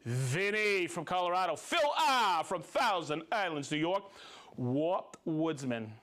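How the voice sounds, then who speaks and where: High, lively male livestream host. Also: slow pace. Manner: upbeat, cheering, chatty asides. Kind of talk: reading viewer shout-outs.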